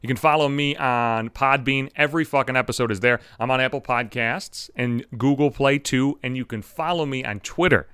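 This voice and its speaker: A man's voice: mid-range voice, normal speed, hardly any pauses, a bit bright, smooth, no room sound, clean studio sound. A young adult man hosting a solo podcast, ranting angrily with heavy profanity. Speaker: podcast host.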